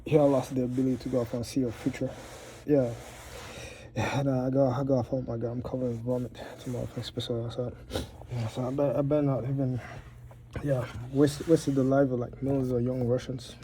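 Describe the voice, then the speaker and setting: A man rambling in a solo monologue, profane and halting, often repeating and restarting words, with low muttering and sighs. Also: flat delivery, warm tone, a little hiss or hum, low-quality recording.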